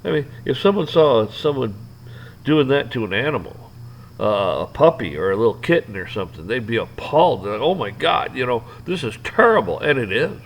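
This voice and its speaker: A man's voice: mid-range voice, sing-song, fairly quick, poor audio. A man ranting off the cuff, rambling and swearing, with lots of restarts and fillers. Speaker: vlogger ranting to camera. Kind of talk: off-the-cuff rant.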